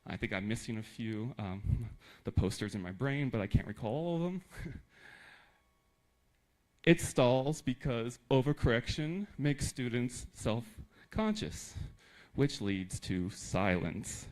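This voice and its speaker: A man from the United States giving a conference talk to teachers in a lively, emphatic way with joking asides. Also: mid-range voice, slow, rough recording. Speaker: teacher trainer.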